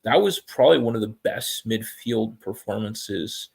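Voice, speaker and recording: A man joining a live fan stream as a guest, measured and analytical, hedging with fillers. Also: lowish voice, gravelly, darkish tone, slightly rough.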